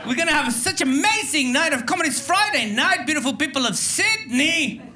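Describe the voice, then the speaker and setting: A man's voice: extremely high pitch, animated, fairly quick, very noisy. A man from Venezuela with a Venezuelan Spanish accent, hosting a stand-up comedy show and hyping a live crowd with playful energy. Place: theatre stage before a live audience.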